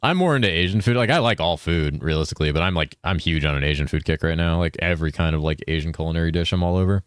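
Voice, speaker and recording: Chill cali dude streaming games, deep voice, swears a lot, reads chat out, dry room. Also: male voice, quick pace, smooth, no echo. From California. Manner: laid-back, swears often, says dude constantly, reads chat aloud. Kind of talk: casual gaming stream chat.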